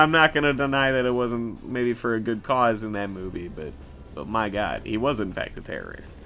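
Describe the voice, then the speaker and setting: A young man rambles casually over a trucking game, sarcastic and foul-mouthed, with frequent laughs. His voice is bright and forward, and his pitch swings widely as he talks, with faint music underneath. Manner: rambling, sarcastic, swears a lot, laughs often. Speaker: gaming YouTuber.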